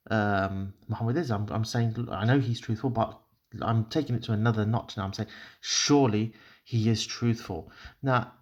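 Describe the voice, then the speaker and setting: A man's voice: mid-range voice, darkish tone. A man teaching Arabic grammar, explaining step by step while he writes, with many fillers, restarts and apologies.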